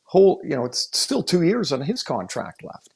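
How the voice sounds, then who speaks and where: A man's voice: on the high side, sing-song, moderate pace, slightly rough. A man co-hosting a hockey podcast, talking casually and candidly, thinking aloud with frequent restarts as he gives his analysis. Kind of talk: casual sports chat.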